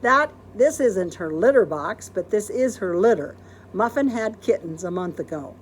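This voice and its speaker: A woman's voice: medium pitch, expressive, normal speed, slight background noise, lightly acted. A woman reading as a friendly little girl.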